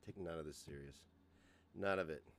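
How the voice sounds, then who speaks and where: A man's voice: a bass voice, moderate pace, slight background noise. A man in his forties hosting a casual livestream rant, profane and mocking, often laughing. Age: 40s. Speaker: host.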